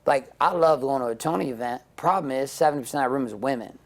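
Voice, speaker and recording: A man's voice: mid-range voice, fast. A middle-aged man giving an intense, candid interview, blunt and profane, acting out the people he quotes as he tells stories. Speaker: interview guest.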